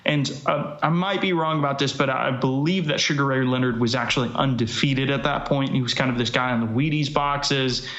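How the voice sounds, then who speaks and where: A man's voice: medium pitch, fairly quick, hardly any pauses, fairly bright tone. Rambling man co-hosting a live chat. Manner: rambling, lots of fillers and "you know". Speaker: MMA show co-host. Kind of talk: casual live-stream chat. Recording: echoey, slightly dull sound.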